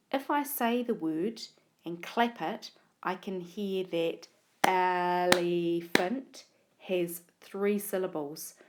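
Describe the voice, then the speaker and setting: Casting: woman teacher, lowish voice, unhurried, spells out sounds one by one for young learners. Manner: sounds out words and letters slowly and deliberately. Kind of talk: narrated whiteboard spelling lesson. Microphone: tablet recording.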